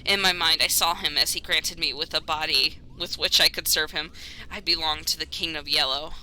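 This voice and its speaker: A woman's voice: fairly even intonation, pushed and bright, a little hiss or hum, rough recording. Figure: a woman doing an eerie, solemn creature voice. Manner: low, measured, solemn reading. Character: eerie enthralled creature serving a dark king.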